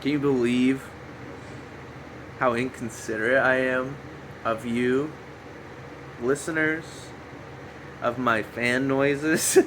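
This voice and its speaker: Dude rambling on his own podcast, slow and goofy, fan whirring in the back. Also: mid-range voice, fairly even intonation. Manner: goofy, joking, self-mocking, breaks into shouty bits. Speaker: podcast host. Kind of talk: rambling solo podcast monologue. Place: home room with a fan running. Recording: faint fan hum behind.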